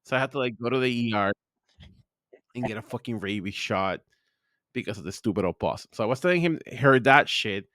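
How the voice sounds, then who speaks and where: A man's voice: brisk, no echo, clean studio sound. Rambling, crude man telling stories. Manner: rambling, crude, heavy on "like" fillers; animated, pitch rising when excited. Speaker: podcast host. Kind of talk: casual storytelling chat.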